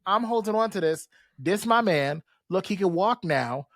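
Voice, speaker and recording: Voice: mid-range voice, animated, normal speed, dry recording, clean studio sound, lightly acted. Podcaster putting on a sassy alien empress. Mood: haughty. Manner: sassy slangy recap voice. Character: haughty queenly alien empress, possessive and blunt.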